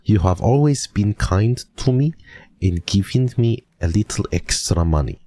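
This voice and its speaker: A man's voice: lowish voice, lively intonation, unhurried, dark tone, no room sound, pitched above the performer's own voice. A man putting on a grateful German servant woman. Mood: earnest. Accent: put-on German. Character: German woman servant writing a kind letter.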